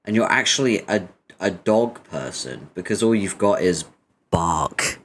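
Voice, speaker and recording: A man's voice: lowish voice, expressive, moderate pace, slight background noise. Teasing, swearing British man. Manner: teasing, profane, banter with chat. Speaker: webcomic reader and streamer. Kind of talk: casual chat.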